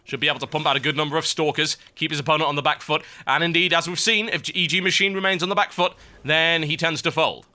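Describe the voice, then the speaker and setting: A young British man casting a strategy game match with brisk, wry play-by-play and chatty asides. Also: on the high side, fairly even intonation, sharp tone. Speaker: esports caster. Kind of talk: live game commentary.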